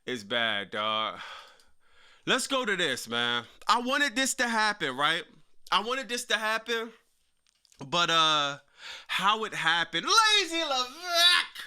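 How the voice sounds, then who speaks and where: A man's voice: on the high side, slow, long pauses, clean tone. Slangy young man ranting on a livestream. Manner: slangy, animated, reacts to live chat. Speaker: live stream host. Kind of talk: casual wrestling commentary livestream.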